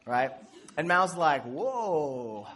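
A parent with children gives a casual sermon at a moderate pace in a medium-pitched voice. Animated throughout, they act out quoted dialogue and joke and laugh while teaching.

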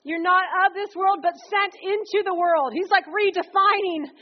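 A woman preacher delivering a sermon in a conversational, energetic way, often slipping into acted quotes. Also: extremely high pitch, moderate pace. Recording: dull lo-fi recording.

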